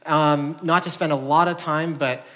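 A man's voice: fairly high pitch, steady tone, moderate pace, sharp tone. A middle-aged man preaching a sermon in a church, conversational and earnest, often restarting his sentences. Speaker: pastor. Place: church sanctuary. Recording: long hall reverb.

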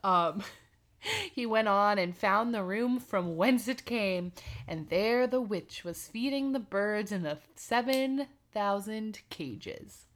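A woman's voice: mid-range voice, lively intonation, takes it slowly. A woman hosting a podcast, reading a fairy tale aloud and breaking off for giggly, irreverent asides with casual swearing. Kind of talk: casual read-aloud with commentary.

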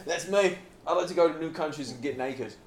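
A man's voice: fairly high pitch, fairly quick, vocal fry, a little hiss or hum. A man co-hosting a podcast, swearing constantly in crude banter. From New Zealand. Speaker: podcast co-host.

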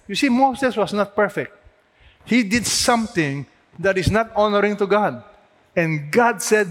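A man's voice: high-pitched, animated, a little slow, pauses often. A man preaching a sermon earnestly, asking rhetorical questions and building to emphatic peaks. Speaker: pastor. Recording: long hall reverb.

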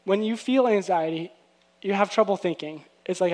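A man's voice: sits high, moderate pace. A man preaching a casual, conversational sermon, acting out quotes with bursts of energy. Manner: conversational, animated in acted-out quotes. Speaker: pastor.

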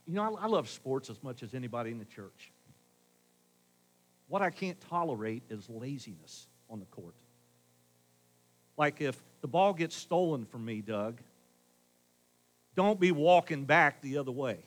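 A middle-aged man preaching a sermon as pastor in a conversational way, swinging between loud emphasis and hushed asides. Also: medium pitch, animated, moderate pace, long pauses, rough recording.

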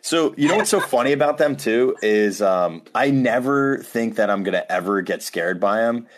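A male podcast co-host chats casually over a video call, his mid-range voice lively in intonation at a moderate pace. He's playful and rambling and laughs a lot.

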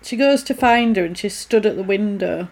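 Woman, podcast co-host, lively film recap, mid pitch. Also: moderate pace. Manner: animated retelling with quoted voices. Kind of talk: casual film recap chat.

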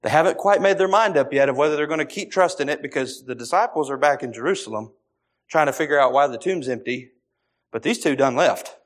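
A man's voice: a little high, a little fast. A man preaching a sermon, repeating phrases and briefly acting out the voices of others.

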